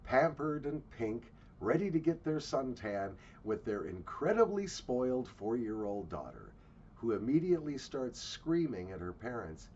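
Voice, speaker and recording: A man's voice: mid-range voice, big pitch swings, measured pace, a little mellow, lo-fi sound, a little hiss or hum. A man from the United States giving blunt, sarcastic travel commentary with swearing. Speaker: travel vlogger.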